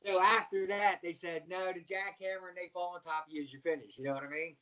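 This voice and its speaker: A middle-aged man with a fairly high voice tells wrestling stories on a podcast. He acts out every character, shouts and laughs, and jumps from quiet asides to loud outbursts. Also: fast talker, a crowd in the background. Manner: animated storyteller acting out voices, yelling and laughing. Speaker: guest, former pro wrestler. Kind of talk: storytelling on a podcast.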